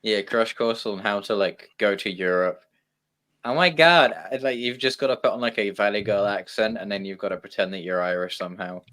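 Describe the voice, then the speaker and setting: A man's voice: on the low side, a little fast, fairly bright tone. A man co-hosting a livestream, joking around and trying out impressions in casual banter. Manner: jokey, giggly, trying out impressions.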